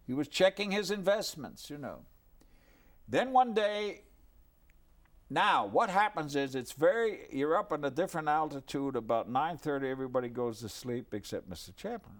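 An older man telling a personal anecdote in a lively, animated way, dropping low for his asides. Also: moderate pace. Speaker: storyteller. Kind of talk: anecdotal storytelling.

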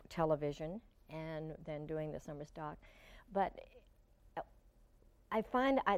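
An older woman giving an interview, reminiscing in a warm, halting way with frequent restarts. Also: deep voice, no echo. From Portland, Oregon. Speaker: interview guest. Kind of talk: reflective interview talk.

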